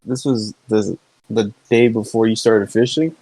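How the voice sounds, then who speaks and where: A man's voice: on the low side, steady tone, unhurried, dark tone, no echo, poor audio. Teasing man chiming in on a podcast. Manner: teasing interjections. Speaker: podcast co-host. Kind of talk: casual chat.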